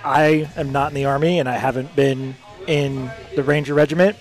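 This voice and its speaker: A man's voice: medium pitch, fairly even intonation, normal speed, faint music behind. A man hosting a casual interview, asking short questions and adding dry, joking asides. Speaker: podcast host.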